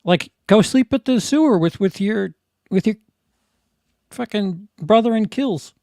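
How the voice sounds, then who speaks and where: Wry high-voiced man. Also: expressive, measured pace, gravelly, warm tone, no room sound, studio quality. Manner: wry, rambling, swears casually. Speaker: host of a movie review channel. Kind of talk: casual movie watch-along chat.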